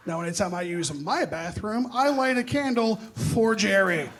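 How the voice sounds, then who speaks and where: High-voiced young male stand-up comic. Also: lively intonation, moderate pace, background noise. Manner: self-deprecating, punchy, loud. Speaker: stand-up comedian. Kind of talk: stand-up set. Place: comedy club stage. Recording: live club audience laughing.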